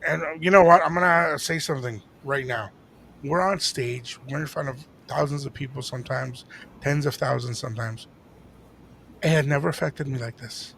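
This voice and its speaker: A man co-hosting a podcast, telling a story in a casual chat and acting out the dialogue with lively energy. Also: mid-range voice, normal speed, creaky, slight background noise. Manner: animated, acts out quoted dialogue. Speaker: podcast co-host.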